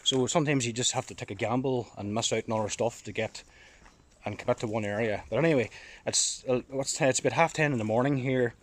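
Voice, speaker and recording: Northern irish guy walking his dog in the countryside, excited and a bit breathless, just rambling on to camera, mid pitch. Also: quick pace. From Northern Ireland. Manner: excited, rambling, thinking aloud. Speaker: storm chaser vlogger. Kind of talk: casual vlog monologue.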